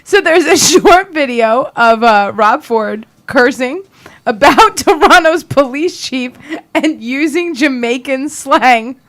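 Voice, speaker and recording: High-voiced giggly woman co-host. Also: lively intonation, slow pace, a bit bright. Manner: giggly, laughs through her telling. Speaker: talk show co-host. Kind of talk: casual political chat.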